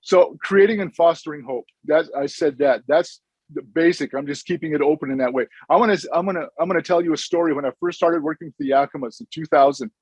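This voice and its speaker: Earnest man with a husky voice. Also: fairly high pitch, quick pace, darkish tone, no room sound, rough recording. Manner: earnest, informal, with frequent restarts. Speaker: clinical social worker, presenter. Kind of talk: conference presentation with storytelling.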